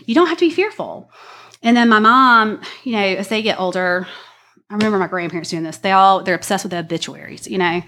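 A woman's voice: mid-range voice, fairly even intonation, quick pace, sharp tone, a little hiss or hum. A woman, earnestly sharing a personal faith story in a chatty way, full of "like" and "y'all". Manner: chatty and earnest, many fillers, says y'all. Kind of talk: personal testimony talk.

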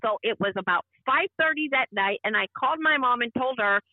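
A woman's voice: fairly high pitch, animated, a little fast, no echo. A woman in her fifties, an interview guest giving an emphatic personal account and acting out the dialogue she quotes. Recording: tinny phone-line sound.

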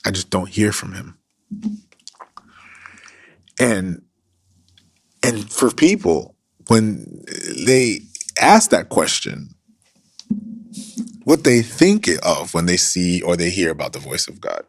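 A man with a very low, gravelly, husky voice preaches as a pastor. He speaks earnestly and sometimes drops to a hushed whisper to stress a point. The sound is dry and close. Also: wildly swooping pitch, takes it slowly, long pauses, dry recording. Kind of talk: sermon.

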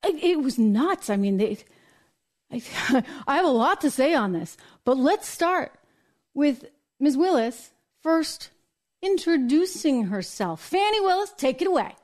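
A woman from the United States hosting a live political commentary show, talking in an animated way and acting out quotes in mock voices. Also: high-pitched, unhurried. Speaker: host.

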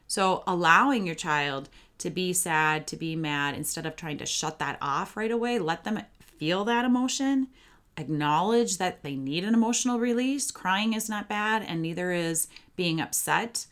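Woman, low voice, parenting podcast host, chatty, upbeat, talks to listeners directly. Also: moderate pace, a bit bright. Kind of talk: solo podcast advice.

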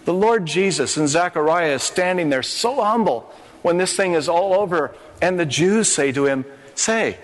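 An older male pastor preaches from a stage with fervent, rising emphasis. His voice sits a bit high for a man. The long reverb of a large hall trails every phrase. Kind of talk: sermon on a conference stage.

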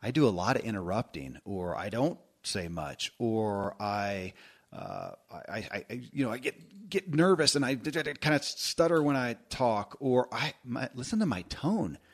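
A man hosting a podcast, telling stories in a casual, animated way with self-deprecating laughter. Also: mid-range voice, normal speed. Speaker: podcast host.

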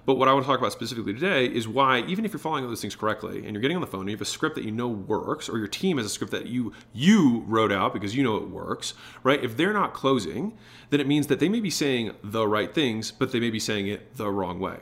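A man's voice: mid-range voice, sing-song, quick pace, a bit bright. Man coaching on sales tone. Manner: shifts tone and pace to demonstrate emphasis; frequent "right?" tag questions. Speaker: podcast host. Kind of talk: solo business talk to camera.

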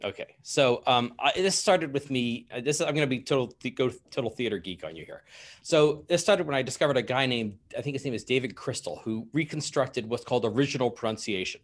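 A man's voice: medium pitch, lively intonation, a little fast. A man who is a guest on a podcast, explaining a pet subject eagerly in casual chat. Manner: enthusiastic, explains at length.

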